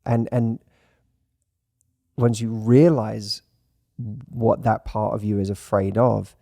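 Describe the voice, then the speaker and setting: A man, the host, talking through dating fears in a reflective, gentle way. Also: fairly low pitch, steady tone, slow pace, creaky, dry recording, studio quality. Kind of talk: conversational advice.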